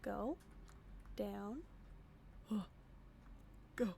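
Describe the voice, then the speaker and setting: A young woman streams a game with casual commentary, her medium-pitched voice creaky and darkish, slow, full of pauses and big pitch swings. She talks to herself as she plays and drops to a whisper during tense, sneaky moments.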